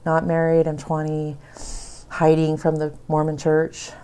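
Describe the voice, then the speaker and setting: Slow, low-pitched woman telling a story. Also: completely flat delivery, warm tone, clear, resonant tone. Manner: unhurried, low-key, laughs between lines. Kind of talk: personal storytelling at a small live event. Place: home dining room, small audience.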